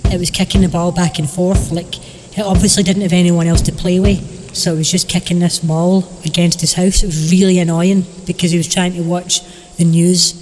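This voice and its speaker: A man telling a rambling comic story in a deadpan, meandering way. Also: high voice, moderate pace, long reverb tail, background noise.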